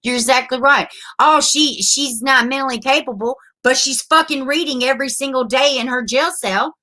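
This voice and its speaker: A woman's voice: high-pitched, normal speed, bright, forceful tone. A woman, hosting a casual livestream, chatting with viewers, laughing often and swearing freely. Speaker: livestream host reading viewer comments.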